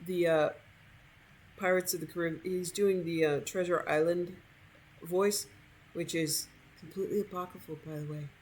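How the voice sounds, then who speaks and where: A woman's voice: on the low side, steady tone, normal speed, a little mellow, slight background noise. A woman giving casual, opinionated commentary while she plays a video game, laughing often. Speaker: gameplay streamer. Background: game music.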